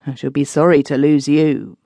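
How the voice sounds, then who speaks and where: A woman voicing an uneasy, hesitant middle-aged gentleman in an audiobook. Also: sits low, little pitch movement, no room sound, clean studio sound. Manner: hesitant, straining to sound brisk. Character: uneasy middle-aged male master of the house. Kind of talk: audiobook reading.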